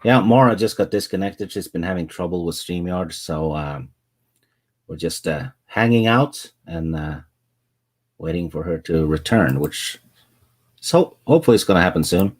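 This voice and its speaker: Deep-voiced laid-back male streamer. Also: normal speed. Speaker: co-host of a live stream. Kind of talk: casual live-stream chat.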